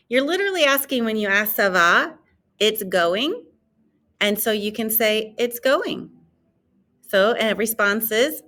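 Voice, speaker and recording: A woman French teacher giving a recorded classroom lesson, modeling each French word in a raised, drawn-out voice for students to repeat. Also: a little high, lively intonation, pushed and bright.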